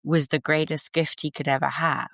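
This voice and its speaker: A woman's voice: deep voice, steady tone, normal speed, vocal fry, fairly bright tone, dry recording, clean studio sound. A woman who trains horses, a guest on a podcast, speaking in an earnest, heartfelt way about spiritual connection. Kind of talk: podcast interview.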